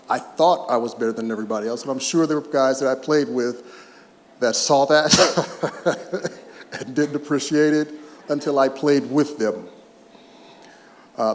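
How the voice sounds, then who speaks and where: A man around sixty, a retired baseball player, giving an emotional, humorous speech with personal anecdotes at a podium. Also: mid-range voice. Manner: emotional, humorous storyteller who chokes up at times. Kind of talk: heartfelt public speech with anecdotes. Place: large event hall. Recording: echoey hall, faint ambience.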